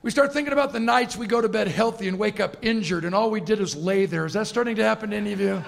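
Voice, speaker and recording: A man's voice: sits high, fast talker, gravelly. A middle-aged man giving a humorous motivational keynote speech at a conference, telling stories and acting out the people in them. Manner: storytelling with comic asides and acted-out quotes. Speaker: keynote speaker. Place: conference stage.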